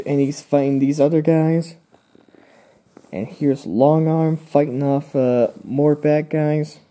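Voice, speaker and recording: A young man with a medium-pitched, dark-toned voice hosts his own channel. He casually walks through his old drawings, rambling along with fillers and playful asides.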